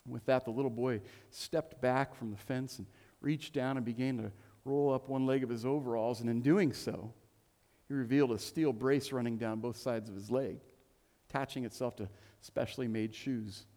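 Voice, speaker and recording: A man's voice: mid-range voice, steady tone, moderate pace, warm tone. A middle-aged man preaching a sermon, telling a story with humor and often repeating words as he goes. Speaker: pastor. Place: church hall. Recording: long hall reverb.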